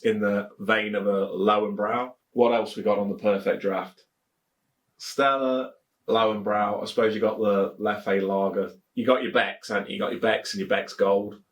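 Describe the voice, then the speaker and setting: A man's voice: lowish voice, a bit bright. A man from England with a Leicestershire accent, chatting casually to camera as a beer reviewer, rambling and jokey and repeating his phrases.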